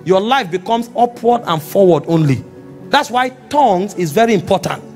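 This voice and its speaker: A man with a Nigerian accent, preaching an animated sermon to a congregation, often rising to shouts. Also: sits high, moderate pace, faint music behind. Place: church meeting.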